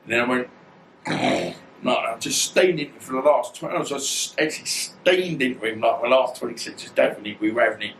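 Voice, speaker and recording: A man's voice: mid-range voice, wildly swooping pitch, brisk, vocal fry, fairly bright tone, slight background noise. A man, telling stories in a blunt, rambling, slangy way as an interview guest. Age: 50s. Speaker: guest, former boxer. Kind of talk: casual storytelling. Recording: roomy echo, distant mic, faint ambience.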